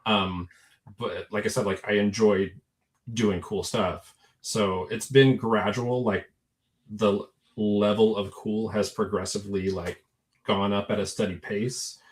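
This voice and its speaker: A man's voice: on the low side, steady tone, measured pace. A man talking through a video call as a guest, thoughtful and modest, with many fillers. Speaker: guest toy sculptor. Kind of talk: casual chat.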